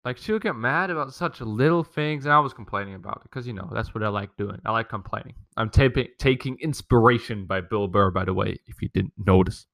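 Low, bright-voiced young ranter. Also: male voice, a little fast, creaky, hardly any pauses. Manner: rambling, profane, complaining storytelling. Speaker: podcast host. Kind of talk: casual rant. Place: home.

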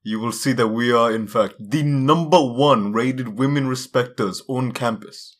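A young man co-hosting a comedy podcast from a dorm room, dropping deadpan, absurd interjections. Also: mid-range voice, a little slow. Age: young adult. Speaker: podcast co-host. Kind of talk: casual comedic podcast banter.

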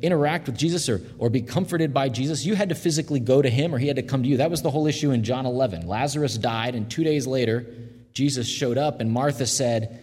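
A man delivers a sermon with a slightly husky, breathy tone, talking earnestly and plainly to his listeners. He slows down and softens when he quotes scripture. His voice carries a long reverb, as if spoken in a large hall. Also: medium pitch, lively intonation. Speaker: pastor.

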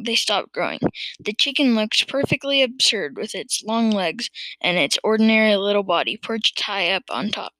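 Storybook reader, woman, expressive, bright tone, dry close sound. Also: mid-range voice, no echo, low-quality recording. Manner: expressive, occasional slips and restarts. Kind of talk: reading a children's book aloud.

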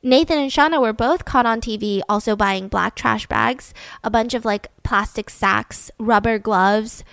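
A woman's voice: fairly high pitch, measured pace, gravelly, a bit bright, smooth, no room sound. A woman hosting a podcast, telling a true-crime story in a casual, emphatic way with lots of "like". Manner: chatty, emphatic, full of "like". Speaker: podcast host.

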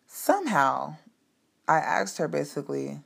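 A woman casually telling a personal story to her listeners, candid and profane, animated and emphatic. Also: deep voice, measured pace, vocal fry. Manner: speaks to listeners directly. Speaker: storyteller sharing personal life.

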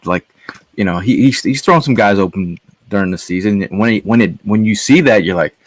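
Male podcast guest, low voice, rambling and easygoing, dry close sound. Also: fairly quick, no echo. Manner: rambling, filler-heavy, laid-back. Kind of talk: casual sports podcast chat.

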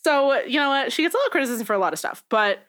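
A woman's voice: high-pitched, animated, racing, a bit bright. A young woman co-hosting a podcast in casual chat, talking emphatically with frequent laughter. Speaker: podcast co-host.

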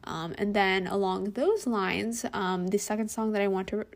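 A young woman chatting on her solo podcast in a relaxed, rambling way. Her voice sits at a middle pitch and has a gravelly, fry-heavy edge. She scatters "um" and "like" through nearly every sentence. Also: normal speed. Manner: chatty, many "um" and "like" fillers. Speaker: podcast host. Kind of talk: casual solo podcast chat.

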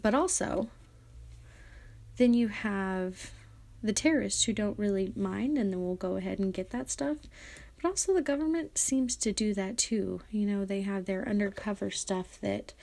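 A young woman hosts a solo podcast, chatting casually and reading articles aloud while rambling with many fillers and correcting herself often. Her medium-pitched voice is gravelly yet mellow, and she keeps a measured pace.

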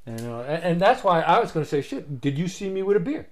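A man telling an old story in casual chat, animated and acting out the voices of others, swearing freely. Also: on the high side, quick pace.

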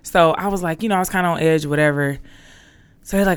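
A podcast co-host telling stories in casual chat, cursing freely and animated. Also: medium pitch, normal speed. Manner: animated storyteller, cursing freely, acting out quotes in a raised voice.

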